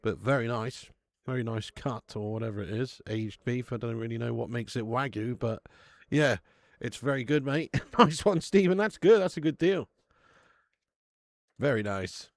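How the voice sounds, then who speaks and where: A male host runs a live football watch-along, keeping things casual and chatty while he reads out viewer messages. His voice is medium-pitched at a moderate pace, and he laughs easily and swears. The sound is dry and close, with no room sound.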